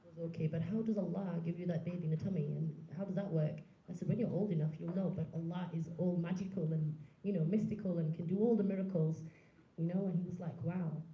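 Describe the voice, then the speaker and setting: A woman's voice: fairly low pitch, steady tone, fast talker. A woman in her thirties giving a public talk, speaking earnestly and directly, putting questions to the audience. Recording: echoey room, slightly dull sound.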